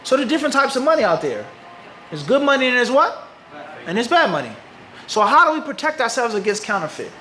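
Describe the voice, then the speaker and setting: A man's voice: extremely high pitch, big pitch swings, fast talker, pushed and bright, roomy sound, a little hiss or hum, poor audio. A man from Philadelphia with an American accent, teaching a live audience and often asking rhetorical questions before answering them himself. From Philadelphia, USA. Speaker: Islamic teacher.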